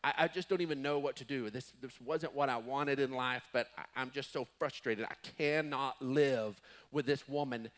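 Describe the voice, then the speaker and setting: A man's voice: mid-range voice, normal speed, close to an everyday voice. A man voicing a frustrated middle-aged husband fed up with his marriage, exasperated and stammering.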